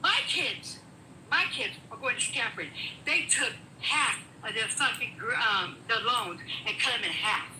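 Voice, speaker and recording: A woman's voice: fairly high pitch, animated, a little slow, sharp tone, a little hiss or hum. A middle-aged woman arguing politics heatedly, swearing and talking over the other person. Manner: angry, profane, emphatic, talks over the other speaker. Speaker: guest in a political debate. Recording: echoey room.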